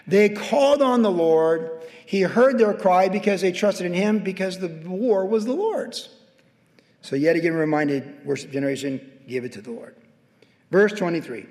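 A middle-aged pastor speaks in a high, slightly mellow voice inside a church sanctuary, where long hall reverb fills the recording. His sermon starts conversational and rises to emphatic exhortation.

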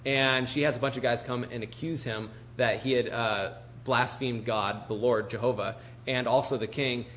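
A man's voice: mid-range voice, fairly even intonation, moderate pace, fairly bright tone, a little hiss or hum. A man preaching, retelling a Bible story in an informal, conversational way with frequent asides and restarts.

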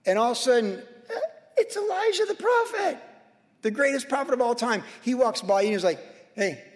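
Fervent high-voiced male preacher. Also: sing-song, a little fast. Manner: fervent, emphatic, piling up repeated phrases. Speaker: pastor. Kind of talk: sermon. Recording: long reverb of a big hall.

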